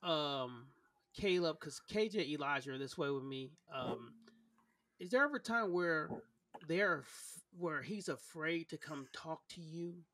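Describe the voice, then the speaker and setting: A man's voice: a little high, expressive, unhurried, fairly bright tone, no echo. A man hosting a casual podcast conversation, earnest and open, often repeating words as he searches for his thoughts. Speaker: podcast host.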